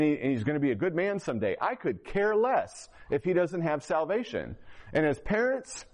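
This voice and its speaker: This man's voice is fairly high with a darkish tone. He delivers his testimony as a sermon, recounting his story earnestly before turning to exhort the congregation directly.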